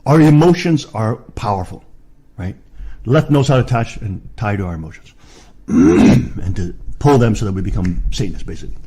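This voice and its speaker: A middle-aged man preaching in a fiery rant, swinging from low muttering to shouted insults. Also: expressive, moderate pace, slightly rough.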